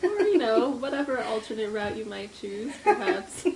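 A young woman co-hosting a podcast, chatting in a relaxed way with dry jokes and frequent laughter. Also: on the high side, moderate pace, slight background noise, low-quality recording. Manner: laid-back, dry humor, frequent laughs. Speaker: podcast co-host. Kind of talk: casual chat.

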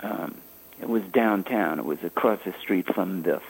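An older man, a jazz saxophonist, telling stories in a halting, anecdotal way during an interview. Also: low voice, creaky, husky, low-quality recording. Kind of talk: reminiscing interview storytelling.

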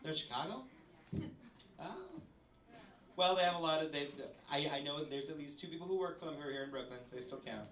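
Man, live event host, slightly higher voice, casual, fillers, faint ambient noise. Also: a little fast, a bit bright. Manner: chatty and loose, with fillers and self-corrections. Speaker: host of a reading night. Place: event venue with an audience. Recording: roomy, distant live recording with crowd.

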